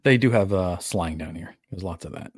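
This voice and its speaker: A man with a lowish voice co-hosts a casual movie podcast, retelling film scenes with lively, amused energy. The sound is dry and close, with no room around him. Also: moderate pace, slightly rough, no echo. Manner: animated storyteller, laughs at his own retellings. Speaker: podcast co-host. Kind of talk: casual film review chat.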